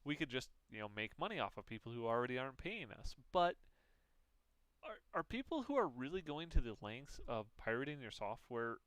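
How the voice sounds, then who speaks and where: A man with a smooth, resonant voice recorded close and dry, chatting on a podcast. He thinks aloud with small restarts and easy back-and-forth. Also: medium pitch, sing-song, a little fast, a bit bright, dry recording. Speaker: podcast co-host. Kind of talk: casual chat.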